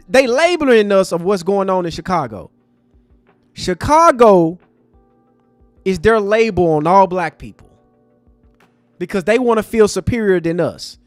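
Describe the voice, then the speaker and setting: Male livestream host, high voice, impassioned and preachy, faint music bed. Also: expressive, a little slow, pauses often, dry recording. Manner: impassioned, preachy, talks to chat as family. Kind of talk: livestream commentary.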